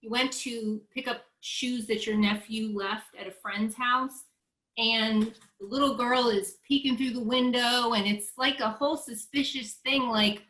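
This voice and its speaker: A woman's voice: a little high, fairly even intonation, measured pace, fairly bright tone, roomy sound. A woman hosting an interview over a video call, recounting her guest's story back to her in a conversational way. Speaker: host.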